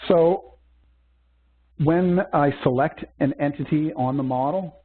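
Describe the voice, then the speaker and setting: A man teaching a software demo in a webcast, walking through steps methodically with small fillers. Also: a little high, slow pace, slightly rough. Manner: methodical step-by-step explaining with fillers. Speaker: software instructor. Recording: tinny phone-like webcast audio.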